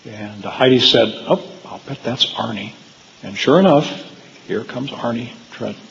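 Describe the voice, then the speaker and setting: A man with a mid-range, slightly creaky voice and a fairly bright tone speaks a little slowly in a large hall, and the recording sounds muffled. He is giving a storytelling lecture to a live audience, rambling through personal anecdotes with frequent fillers and restarts.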